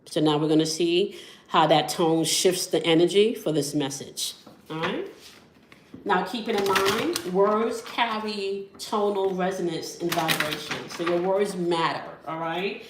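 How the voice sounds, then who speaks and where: A woman leading a spiritual tarot and sound-healing session, calm and instructive, often checking in with the listener. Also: on the low side, measured pace, reverberant, noisy background. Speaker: spiritual reader.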